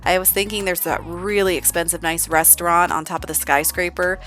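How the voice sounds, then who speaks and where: A woman voicing an excited young man who tells his friends big news in casual bro-talk. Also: fairly low pitch, brisk, close to an everyday voice. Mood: earnest.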